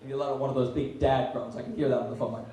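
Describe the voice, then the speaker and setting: A young man doing a stand-up comedy set, dropping deadpan asides and loud punchlines. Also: medium pitch, very fast, recorded from a distance. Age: young adult. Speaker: student stand-up comic. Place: small comedy venue, audience laughing. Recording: very echoey room, heard from afar.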